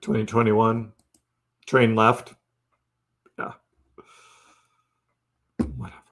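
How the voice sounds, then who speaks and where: A man's voice: on the low side, little pitch movement, extremely slow, creaky, a bit bright. A man hosting a casual crypto live stream, chatting loosely, laughing often and answering viewers by name. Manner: chatty and laid-back, laughs often, talks to chat by name.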